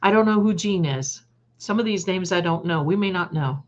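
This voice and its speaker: A woman hosting a psychic livestream, chatting with viewers, trailing off and restarting, and slowly reading out lists of words. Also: lowish voice, highs cut off. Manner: reads out word lists slowly.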